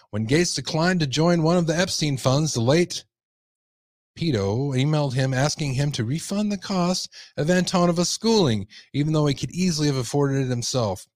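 A man's voice: on the high side, lively intonation, normal speed, no room sound, studio quality. A male podcast host who reads news articles aloud and breaks in with sarcastic asides. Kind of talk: reading news aloud with commentary.

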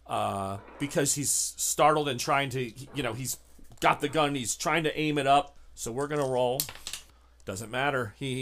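A man running a tabletop horror game as game master, narrating scenes in halting bursts with many fillers. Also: a little high, fairly bright tone. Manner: halting, many restarts and fillers while describing.

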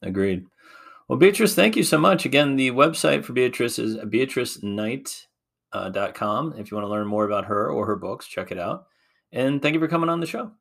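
A man's voice: mid-range voice, expressive, a little fast, gravelly, fairly bright tone. A man hosting a podcast interview, asking questions casually and affirming his guest often. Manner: affirming, with frequent backchannel "mm-hmm". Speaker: podcast host.

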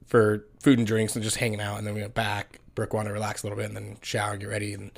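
A young adult man co-hosting a podcast, telling stories in a casual, profane, animated way. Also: lowish voice, quick pace, creaky. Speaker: podcast co-host. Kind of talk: casual chat.

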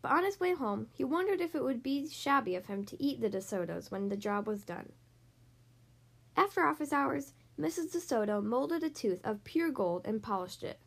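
Gravelly woman reading a picture book. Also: high-pitched. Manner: slow, expressive reading. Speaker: reader.

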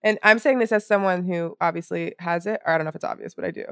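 A woman's voice: lowish voice, quick pace, a bit bright, clean tone, dry recording. Woman, podcast guest, casual chat, blunt opinions, dry sound. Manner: frank, opinionated, quoting herself.

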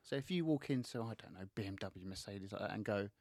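A man's voice: fairly low pitch, expressive, quick pace, darkish tone, no echo, clean studio sound. A man, chatting as a guest on a podcast and readily agreeing. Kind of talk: casual podcast chat.

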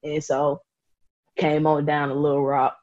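A woman, a rugby player telling stories in a casual interview, animated and laughing often. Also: low voice, unhurried. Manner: animated, laughing, slangy storyteller. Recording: dull lo-fi audio.

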